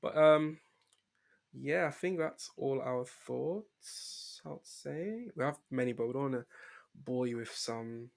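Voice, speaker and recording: A young man with a British accent hosts a casual podcast chat into a microphone. His voice has a gravelly, fry-edged texture at an ordinary pitch, and he jokes and laughs loosely as he talks. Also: expressive, a little slow. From Britain. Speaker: podcast host.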